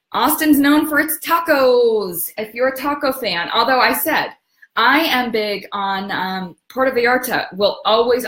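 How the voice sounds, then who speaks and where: A woman hosting a travel segment, chatting casually to viewers and often pausing to search for words. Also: mid-range voice, a bit bright. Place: home in Atlanta. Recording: roomy echo.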